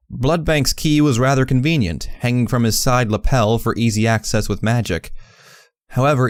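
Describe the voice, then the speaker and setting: Guy reading a fanfic audiobook, lowish voice, super dry close mic. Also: no room sound. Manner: measured, reflective first-person narration. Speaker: audiobook narrator. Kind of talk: first-person fan fiction audiobook reading.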